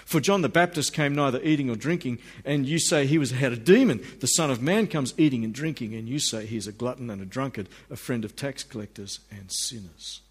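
A man's voice: medium pitch, fairly quick, hardly any pauses, breathy edge. A middle-aged man, preaching a sermon and acting out the people in his stories. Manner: animated, acts out voices of people in the stories.

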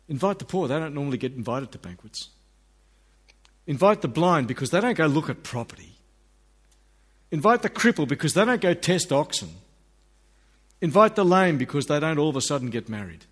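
A man's voice: mid-range voice, moderate pace. A middle-aged man, preaching a sermon and acting out the people in his stories. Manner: animated, acts out voices of people in the stories.

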